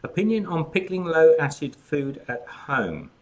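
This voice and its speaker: A man's voice: fairly high pitch, sing-song, a little slow. An outgoing Australian man hosting a casual live chat, talking while snacking. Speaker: cooking channel host.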